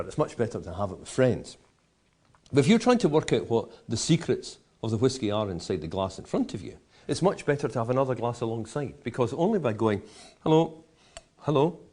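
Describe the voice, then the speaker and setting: A whisky educator with a medium-pitched, darkish voice and a breathy edge explains how to taste. He is enthusiastic, packing his talk with vivid comparisons and playful asides.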